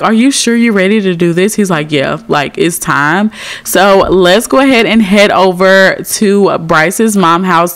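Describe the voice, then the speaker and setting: A young woman giving casual, giggly commentary over a life-simulation game, chatting to her viewers. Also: lowish voice. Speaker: Sims let's play creator.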